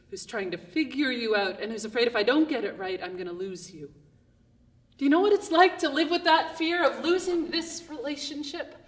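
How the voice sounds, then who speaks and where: A woman's voice: on the high side, far from the mic. A woman performing a theatrical monologue, addressing God in a raw, angry, confessional way on a live stage.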